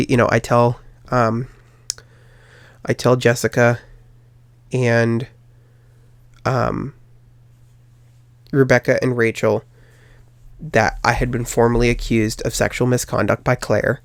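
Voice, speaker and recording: A young man tells a personal story on his podcast, rambling and circling back with frequent fillers and restarts. His voice carries a steady vocal fry at a middle pitch. The sound is dry and close, with no room around it. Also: takes it slowly, pauses often, no echo. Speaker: podcast host.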